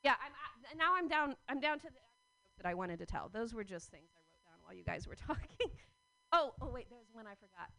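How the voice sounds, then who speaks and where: A woman's voice: a little high, sing-song, a little fast, creaky, pushed and bright. A woman doing open-mic stand-up, rambling and cutting herself off, laughing through her own jokes. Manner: rambling, self-interrupting, laughing mid-joke. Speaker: stand-up comedian.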